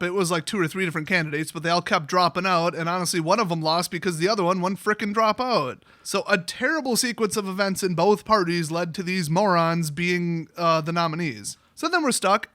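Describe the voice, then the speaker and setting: A sarcastic, exasperated man ranting to his channel. His voice sits high and bright. The sound is dry and close, with no room around it. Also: fairly quick, few pauses, dry recording. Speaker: YouTuber. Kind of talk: political rant.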